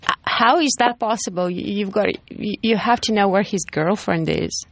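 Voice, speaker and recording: A woman's voice: mid-range voice, dry recording. Russian-accented woman hosting radio, dry sound. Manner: halting, restarts words, laughs easily. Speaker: radio host. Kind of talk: live radio interview. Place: radio studio. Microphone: studio microphone.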